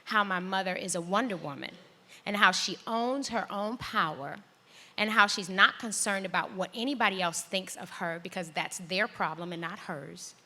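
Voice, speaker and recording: Bright, animated woman telling a story. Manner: animated, acts out voices with big pitch jumps. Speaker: storyteller reading a personal essay on stage. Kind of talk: live storytelling performance. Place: large hall on stage.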